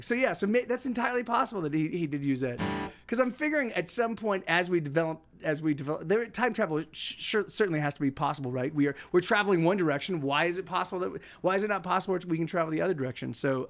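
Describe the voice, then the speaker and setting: This livestreaming musician speaks fast in a high, expressive, fairly bright voice, with slight background noise. Chatting casually with viewers, he rambles, breaks off mid-sentence, and laughs frequently.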